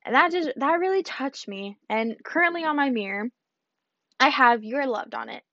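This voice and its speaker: Teenage girl, fairly high voice, storytelling speech, animated, acts out dialogue, dull dry lo-fi sound. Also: normal speed, no room sound. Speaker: speaker sharing a personal story.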